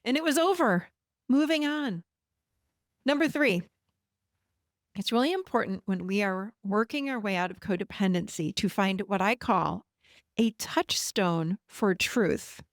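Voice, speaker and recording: A woman's voice: medium pitch, lively intonation, normal speed, pauses often, dry recording, clean studio sound. A middle-aged woman hosting a solo podcast, talking directly and encouragingly to her listeners about habits. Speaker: podcast host and codependency coach. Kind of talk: solo podcast teaching monologue.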